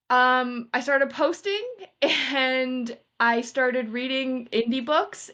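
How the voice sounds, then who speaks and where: Lively young woman telling stories. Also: fairly high pitch. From Canada. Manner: animated storytelling, acts out quoted exchanges. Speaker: podcast co-host. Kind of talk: casual chat.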